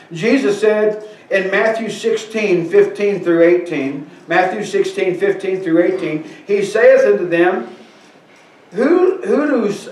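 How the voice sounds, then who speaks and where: A man preaching a sermon, reading scripture aloud and asking the congregation questions. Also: sits high. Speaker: pastor. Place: church sanctuary. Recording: echoey church hall, from far off.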